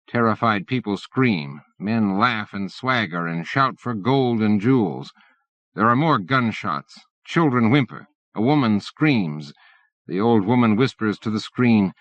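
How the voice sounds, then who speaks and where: A man reading an audiobook in measured scripted narration. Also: on the low side, lively intonation, a bit bright, no echo. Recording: dull dry lo-fi cassette.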